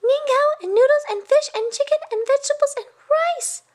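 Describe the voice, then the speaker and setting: A woman voicing the skinny youngest brother in a storybook, high and excited. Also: moderate pace. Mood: thrilled.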